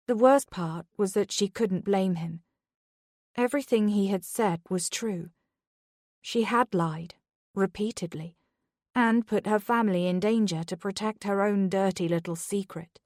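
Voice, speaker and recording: A woman narrating a thriller audiobook in a measured, steady reading. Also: mid-range voice, dry recording, studio quality.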